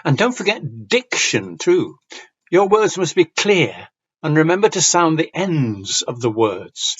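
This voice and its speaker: A man from Yorkshire with a Yorkshire accent, giving a conference talk on reading aloud with clear diction and a slight storytelling lilt. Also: fairly high pitch, sing-song, measured pace, lo-fi sound. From Yorkshire, northern England. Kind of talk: lecture with read-aloud examples.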